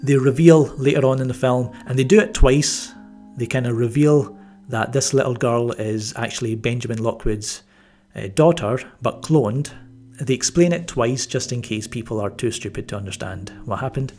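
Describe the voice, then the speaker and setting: Guy doing a chatty movie review, mid-pitched, rambles with lots of ums, bit sarcastic, faint music behind. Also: moderate pace, a little mellow. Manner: rambling, with frequent fillers and restarts; wry, mildly sarcastic. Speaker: film reviewer. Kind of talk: casual spoken movie review.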